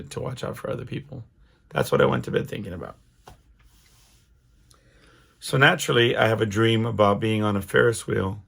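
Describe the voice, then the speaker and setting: A man's voice: fairly low pitch, vocal fry, breathy edge. A middle-aged man hosting his own podcast, talking alone in a casual, rambling way with lots of restarts and fillers. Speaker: podcast host. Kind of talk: casual solo monologue.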